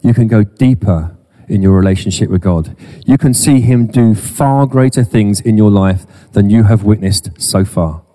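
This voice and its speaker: A man's voice: lowish voice, normal speed, few pauses, mellow. A middle-aged man preaching a sermon in church, with humorous self-deprecating asides. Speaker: pastor.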